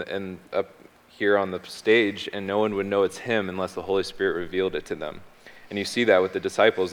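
A man sharing a personal faith testimony as a guest, hesitant, with frequent ums and restarts, speaking on a stage. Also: low-pitched. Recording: long hall reverb.

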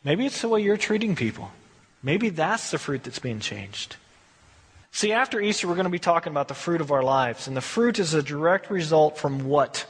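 A man's voice: on the high side, animated, normal speed, husky, in a large hall. A man preaching a sermon as a pastor, conversational and emphatic, asking rhetorical questions.

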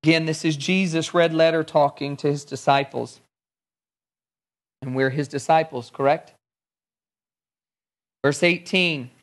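Storytelling preacher, fairly high voice. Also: male voice, fairly even intonation, a little slow, long pauses. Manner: storytelling, conversational preaching with acted-out dialogue. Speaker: pastor. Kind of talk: sermon.

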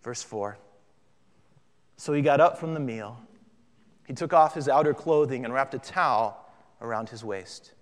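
A man preaching a sermon as pastor, animated and conversational with flashes of humor. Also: medium pitch, a little slow, long pauses. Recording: long hall reverb.

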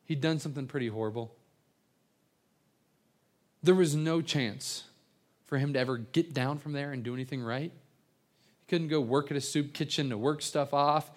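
A man's voice: fairly high pitch, moderate pace, long pauses. A man preaching an evening sermon, telling stories earnestly with frequent stammered restarts and repeated words. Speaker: pastor.

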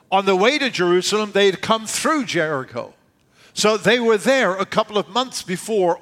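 A man with a high voice preaching a sermon. He talks in a conversational way and often drops low and quiet to land a point. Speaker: pastor.

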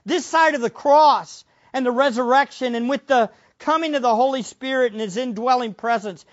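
A man with a high voice preaching a sermon, pressing his points with rhetorical questions and dropping low before rising again. The recording is dull and lo-fi. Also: moderate pace, hardly any pauses. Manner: emphatic preaching with rhetorical questions, wide swings in loudness. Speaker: pastor.

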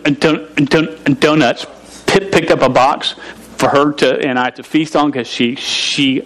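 Man preaching a sermon, humorous storyteller with stammers, voice a touch high. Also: poor audio. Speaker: pastor.

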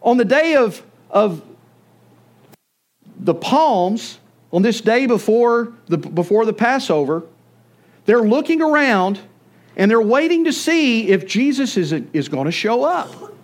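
Lively high-voiced preacher man. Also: slow pace, pauses often. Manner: animated storytelling, acts out voices. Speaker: pastor. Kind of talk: sermon.

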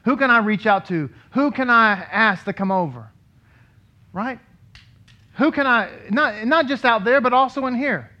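Through a dull, lo-fi recording, a man is heard leading his congregation as rabbi in a synagogue sanctuary. His very high, bright voice is animated and forceful at a normal pace, and he preaches conversationally, asking the congregation questions.

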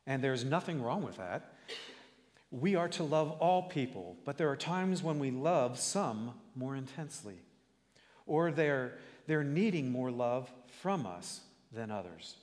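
A man preaching a sermon deliberately, asking the congregation rhetorical questions. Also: mid-range voice, big pitch swings, a little mellow, in a large hall. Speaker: pastor.

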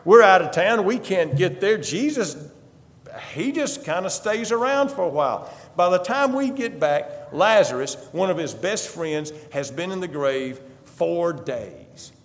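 A male preacher tells a Bible story in the first person, emphatic and dramatic. His voice is high and swoops widely in pitch. The church gives each line a long reverberant tail. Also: very animated, unhurried. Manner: emphatic, repeats a refrain.

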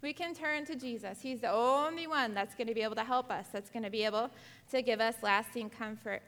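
Woman, Bible class teacher, higher voice, long reverb. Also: brisk. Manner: asks the class many questions; animated, acts out quotes. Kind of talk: Bible lesson to girls.

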